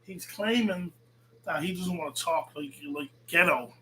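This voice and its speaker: Guy ranting on his show, pitched a bit high, swears nonstop, sarcastic. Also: unhurried, sharp tone, a little hiss or hum, low-quality recording. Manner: combative, sarcastic, swears a lot. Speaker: host reacting to a rival's video. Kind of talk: profane heated rant.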